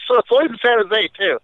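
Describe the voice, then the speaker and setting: A man co-hosting a podcast in casual chat, an easygoing storyteller with quick comebacks, heard over a tinny phone-like line. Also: high-pitched, dry recording. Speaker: podcast co-host.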